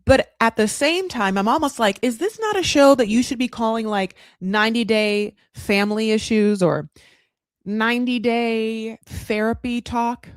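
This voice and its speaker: A woman's voice: a little high, unhurried, no echo. A woman hosting a podcast, recapping a reality show in a casual, rambling, freely swearing commentary.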